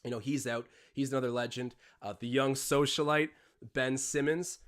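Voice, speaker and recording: A young man from Canada talks through a basketball game on a live stream, jumping between quick play-by-play and loose, rambling asides. His voice sits in an ordinary middle register, relaxed and conversational. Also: medium pitch, smooth. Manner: rambling, chatty, jumps between play-by-play and tangents. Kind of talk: casual live watch-along commentary.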